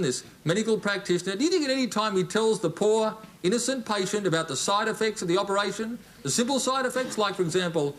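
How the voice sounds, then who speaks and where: An Australian actor playing a pompous, self-righteous middle-aged TV current-affairs host in a comedy sketch, ranting and repeating himself indignantly. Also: male voice, high voice, fairly bright tone. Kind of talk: sketch comedy parody monologue.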